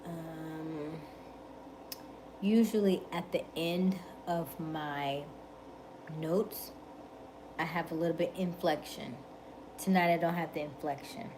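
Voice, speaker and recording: A woman in her late thirties hosting a livestream, talking with viewers in a calm, methodical, relaxed way. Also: low voice, noisy background. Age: 30s. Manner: calm, methodical, unhurried delivery. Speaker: livestream host.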